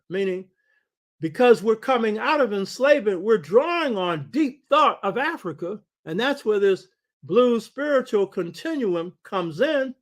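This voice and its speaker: An older man hosting a talk show, lecturing in a preaching cadence and often calling out to his listeners for agreement. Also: sits high. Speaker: show host. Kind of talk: lecture-style radio talk.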